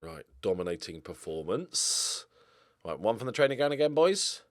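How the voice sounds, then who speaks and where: A young man commentating casually on his game, his pitch jumping all over the place. He mutters quietly, then breaks into loud excited outbursts. The sound is dry and close to the mic. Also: moderate pace, no room sound. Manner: excitable, swings from mumbled asides to loud outbursts. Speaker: gaming YouTuber.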